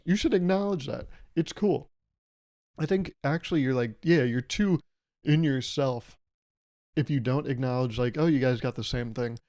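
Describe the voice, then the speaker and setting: A man's voice: mid-range voice, a little mellow. Playful man rambling in a comic solo podcast. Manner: playful, rambling, acts out imagined dialogues. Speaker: podcast host. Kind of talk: casual comedic monologue.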